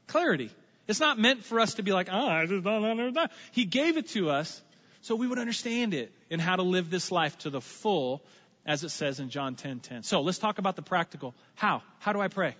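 In a high, bright voice, a pastor gives a lively sermon that feels like conversation, cracking jokes and doing quick impressions between points. The audio is slightly muffled, with long reverb filling a large church.

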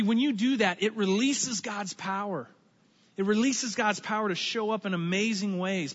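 A pastor delivers a lively, conversational sermon in a high, bright voice. He jokes and slips into quick impressions between points. The sound is a little muffled, with a long reverb that carries through a large church. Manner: conversational, animated preaching with asides and impressions.

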